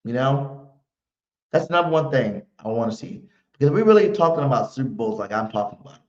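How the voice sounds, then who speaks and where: A man's voice: medium pitch, lively intonation, a little fast, a little mellow. A man hosting a live fan pregame stream, talking brash, slangy trash with heavy emphasis. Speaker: sports stream host. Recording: roomy, muffled home stream audio.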